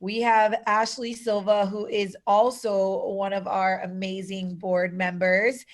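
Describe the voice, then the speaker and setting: A woman's voice: mid-range voice, flat delivery, takes it slowly. A woman moderating an online conference, introducing speakers in an upbeat, enthusiastic way. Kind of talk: event moderation.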